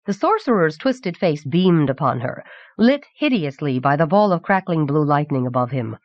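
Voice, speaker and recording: Woman narrating a novel, low and dry. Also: very animated, moderate pace, no room sound. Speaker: audiobook narrator. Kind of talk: scripted narration. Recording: dull 1990s cassette audiobook.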